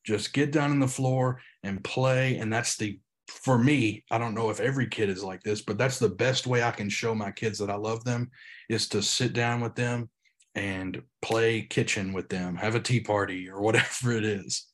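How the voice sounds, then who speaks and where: A young man, a pastor and podcast guest, talking earnestly in casual interview chat, halting with frequent restarts. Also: fairly low pitch, fairly even intonation.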